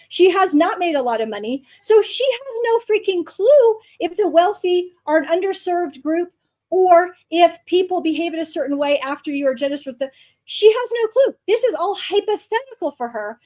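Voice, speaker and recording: A woman hosts her podcast with a bright, high voice. She talks bluntly and swears freely. Her monologue is fired-up and full of emphasis. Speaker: podcast host.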